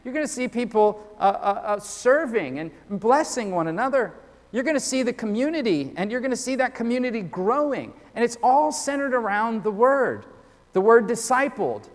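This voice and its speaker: A man's voice: very high voice, sing-song, normal speed. A man preaching a sermon as a pastor, earnest and often repeating words as he starts sentences. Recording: long hall reverb.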